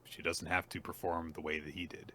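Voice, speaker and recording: Podcast co-host, man, deep but bright voice, lively recap chatter. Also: a little fast. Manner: animated retelling with put-on character voices. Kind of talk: casual manga recap chat.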